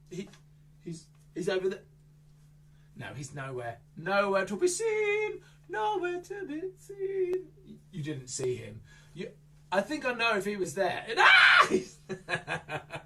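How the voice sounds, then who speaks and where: In a mid-range voice, a children's entertainer delivers playful magic show patter that's silly and exaggerated. He jumps between loud squeals and hushed asides.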